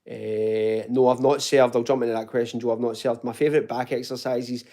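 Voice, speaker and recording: Dark-voiced Glaswegian man chatting casually. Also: medium pitch, flat delivery, fairly quick. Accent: Glaswegian Scottish, toned down. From Glasgow, Scotland. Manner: chatty and informal, calls viewers mate and buddy, swears. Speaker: fitness channel host answering live chat. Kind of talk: casual live Q&A chat.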